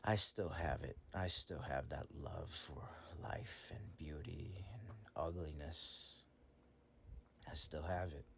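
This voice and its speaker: Low whispering man cursing, whispered role-play. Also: takes it slowly, vocal fry. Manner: whispered, cursing rant, swings to loud laughing outbursts. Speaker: solo voice recording maker.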